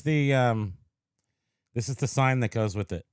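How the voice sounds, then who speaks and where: A man's voice: mid-range voice, measured pace, clear, resonant tone, dry recording, studio quality. Sleepy, joking male podcast co-host. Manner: joking, deadpan. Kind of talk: casual chat.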